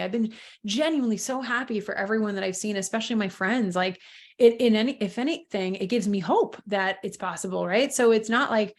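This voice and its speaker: A young adult woman hosting her podcast, talking candidly and reflectively with many fillers and restarts. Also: mid-range voice. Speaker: podcast host. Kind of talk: candid personal podcast monologue.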